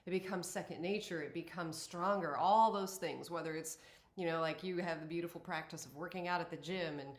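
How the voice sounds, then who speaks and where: A woman's voice: fairly low pitch, brisk. Affirming woman host in an echoey room. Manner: warm, affirming, animated when acting out inner voices. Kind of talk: conversational interview.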